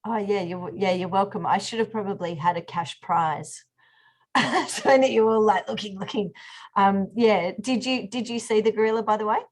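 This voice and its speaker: A woman's voice: medium pitch, moderate pace. Chatty woman hosting a workshop. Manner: chatty, many fillers and restarts. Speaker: workshop host. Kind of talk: online group workshop. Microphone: video call.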